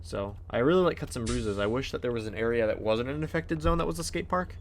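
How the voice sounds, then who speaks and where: A man's voice: medium pitch, animated, fast, slight background noise. A man hosting a casual game playthrough, talking in a rambling way with many fillers and restarts. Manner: rambling, lots of fillers and restarts, hums along. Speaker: let's play host. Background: faint game music.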